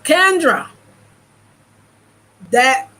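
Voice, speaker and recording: A woman's voice: sits high, big pitch swings, drawn-out words, bright, forceful tone, echoey room, slight background noise, rough recording. A woman vlogger talking casually to her viewers in an emphatic, preachy way, addressing them as y'all from a room indoors.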